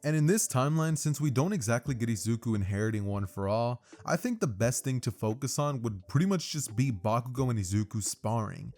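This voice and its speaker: A man's voice: mid-range voice, lively intonation, a little fast, few pauses, a little mellow. A young man casually narrating a fan-fiction story for his channel, rambling with lots of fillers. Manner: loose, filler-heavy, rambling. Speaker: YouTube storyteller.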